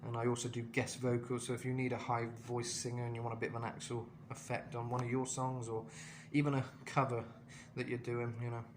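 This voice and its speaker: A man's voice: mid-range voice, monotone, a little fast, background noise. A man giving a casual vocal lesson in a chatty way, full of fillers and asides. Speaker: vocal coach.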